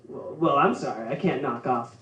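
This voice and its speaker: A man's voice: medium pitch, lively intonation, moderate pace, a bit bright, close to an everyday voice. A man playing a flustered, apologetic middle-aged salesman who stammers and hesitates in a regional drawl. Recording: roomy, from far off.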